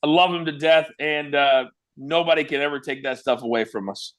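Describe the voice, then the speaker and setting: A man's voice: fairly high pitch, brisk. A man from Kansas, a former wrestling broadcaster, telling stories as a guest and acting out the quotes. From Kansas, USA. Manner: animated storyteller who acts out quotes. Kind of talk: casual interview storytelling.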